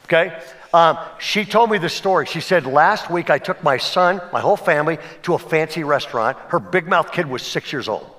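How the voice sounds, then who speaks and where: A male pastor preaching a sermon, telling a story with acted-out voices and lively delivery. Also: fairly high pitch, moderate pace. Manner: animated storytelling, acts out voices in anecdotes. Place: church sanctuary.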